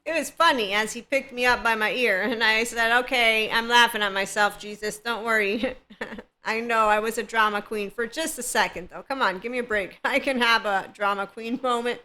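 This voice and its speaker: A woman's voice: on the high side, moderate pace, sharp tone. A woman hosting a spiritual self-help podcast, talking in a playful, rambling way and laughing often. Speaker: podcast host.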